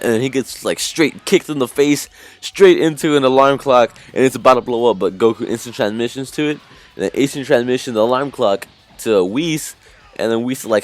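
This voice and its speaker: A man's voice: mid-range voice, a little fast, faint music behind. A man casually recapping an anime episode as a reviewer, rambling with lots of fillers and restarts.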